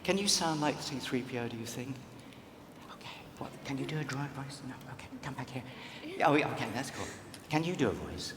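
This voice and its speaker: A man coaching volunteers on a convention stage, animated and encouraging, often breaking into laughter. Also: medium pitch, fairly quick. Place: large convention hall stage. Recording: echoey hall with crowd noise.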